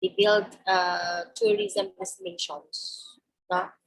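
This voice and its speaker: Husky Filipino-accented woman lecturing. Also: medium pitch, very animated, takes it slowly, low-quality recording. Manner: explanatory, frequent tag "no?", restarts and mixes in Tagalog. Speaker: university lecturer. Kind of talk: online webinar lecture.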